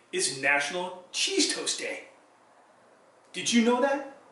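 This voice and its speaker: A man hosts his own talk show, chatting in an upbeat way and putting questions to the viewers. His voice sits high and sounds bright. He is recorded in an echoey room and stands a little away from the mic. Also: distant mic. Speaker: host. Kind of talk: solo talk show monologue.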